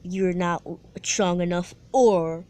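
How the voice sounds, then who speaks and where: Woman voicing an arrogant teenage ninja boy, scornful, slow and dismissive, somewhat high voice. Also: steady tone, dark tone.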